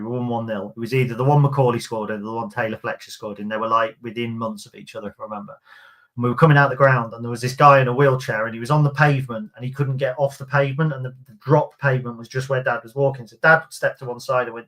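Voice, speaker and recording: A man's voice: medium pitch, steady tone, fast, a bit bright. Chatty man hosting a podcast. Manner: chatty, reads out listener comments. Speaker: podcast host. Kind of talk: casual fan podcast chat.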